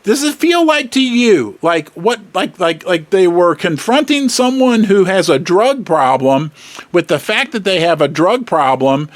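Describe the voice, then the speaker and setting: An emphatic male channel host talks straight to his viewers in casual commentary, exasperated and full of rhetorical questions. His voice sits high and swings up and down a lot. The sound is dry and close, with no room around it. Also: animated, unhurried, no room sound. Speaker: host of a precious-metals channel.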